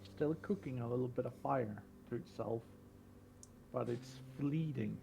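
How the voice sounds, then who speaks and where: A man narrating a tabletop role-playing game as game master, describing scenes slowly with fillers. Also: medium pitch, creaky, mellow, slight background noise.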